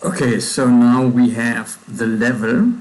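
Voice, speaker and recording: A young man with a German accent thinking aloud while coding, musing slowly and correcting himself as he goes. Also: medium pitch, darkish tone, low-quality recording. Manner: slow, musing, self-correcting, trailing off. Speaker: coding livestream host.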